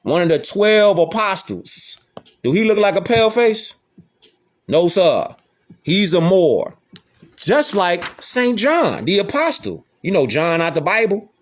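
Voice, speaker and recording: With a voice that sits high and a sing-song, unhurried rhythm, a man leads a casual lecture illustrated with images. Expect emphatic street slang and rhetorical questions he returns to repeatedly.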